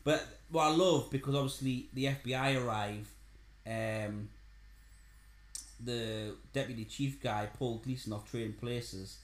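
A man's voice: medium pitch, steady tone, a little slow. A man, co-hosting a casual chat about films, rambling and full of restarts. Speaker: podcast co-host. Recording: roomy echo.

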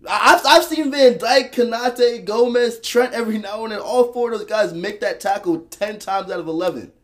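His voice is high and his pace normal as this young podcast co-host debates sports in a casual setting. He gets animated and argumentative, tripping over words with many restarts.

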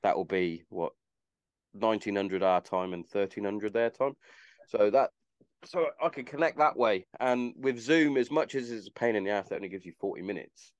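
A man's voice: fairly low pitch, moderate pace, no room sound, highs cut off. A man hosting a podcast, chatting casually in a rambling way and swearing freely. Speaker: podcast host. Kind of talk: casual chat.

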